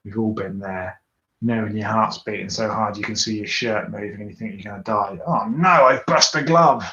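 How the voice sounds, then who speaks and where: A British man with a fairly low voice speaks a little fast in a flat but pushed, bright delivery during his live tinkering stream on YouTube. Responding to viewer comments, he rambles casually and runs himself down, all in a roomy, dull recording.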